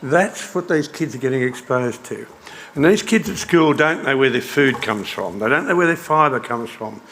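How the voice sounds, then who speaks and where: A man's voice: medium pitch, animated, normal speed, fairly bright tone, a little hiss or hum. An older Australian man giving a sardonic, mocking conference speech. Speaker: conference speaker.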